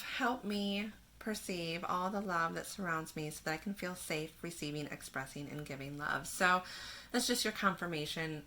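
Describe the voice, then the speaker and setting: A woman leads a spiritual tarot reading in a gentle way. Her voice sits a bit low but sounds bright and forward, with a gravelly fry. A faint ambient hum runs under her. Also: normal speed. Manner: gentle, reads card verses aloud, frequent soft laughs. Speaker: tarot reader.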